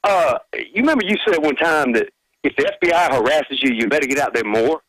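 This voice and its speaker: A man calls in to a radio show. He talks in a chatty, rambling way, and his pitch moves a lot. The sound is dry. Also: animated, fairly quick, fairly bright tone, no echo, poor audio. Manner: chatty and rambling, with many fillers. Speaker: caller. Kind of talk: phone-in call to a radio show.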